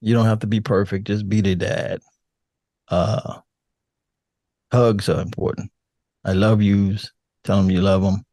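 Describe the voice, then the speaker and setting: An older man talking in a relaxed, rambling way as an interview guest, laughing now and then. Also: lowish voice, a little slow, pauses often, no echo, clean studio sound. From United States. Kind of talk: casual chat.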